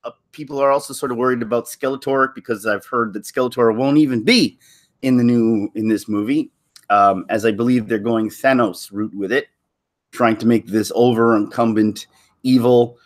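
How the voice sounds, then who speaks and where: A man's voice: mid-range voice, fairly even intonation, normal speed. A man from Canada rambling through casual solo commentary, chuckling and restarting his sentences often. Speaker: vlogger.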